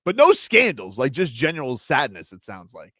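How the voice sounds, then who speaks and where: A man's voice: mid-range voice, wildly swooping pitch, moderate pace, a bit bright, no room sound, studio quality. A man hosting a radio show in casual chat, easygoing and wry, reading items aloud. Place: radio studio.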